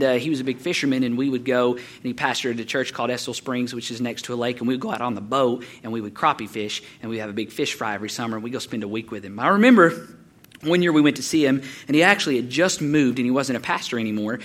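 A male pastor, preaching a sermon in an animated, folksy storytelling manner. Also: medium pitch, fast talker.

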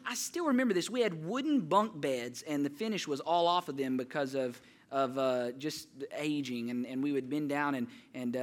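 A man's voice: medium pitch, fairly bright tone. A man preaching a sermon, telling personal stories and building to impassioned rhetorical questions. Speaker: pastor.

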